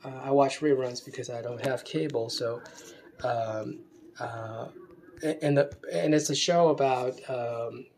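A man giving an unscripted talk, halting often with fillers and restarts. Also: medium pitch, fairly even intonation, a little mellow, a little hiss or hum. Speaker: speaker giving a talk on gender. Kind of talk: unscripted lecture.

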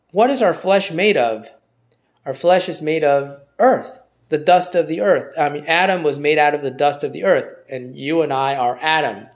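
A man giving a sermon-style Bible teaching, halting and repeating words often, slowing down to stress key phrases. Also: on the high side. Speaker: preacher.

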